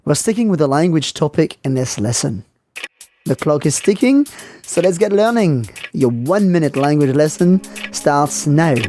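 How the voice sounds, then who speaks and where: A man teaching French in a scripted lesson, speaking clearly and saying model phrases slowly for learners. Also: a little high, animated, dark tone, faint music behind.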